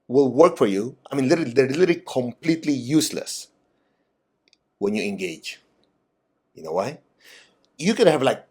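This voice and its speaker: A man giving a spiritual talk and guided meditation, direct and animated, asking his listeners teasing questions. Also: mid-range voice, normal speed, pauses often, breathy edge. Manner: animated, acts out quoted voices. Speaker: meditation teacher.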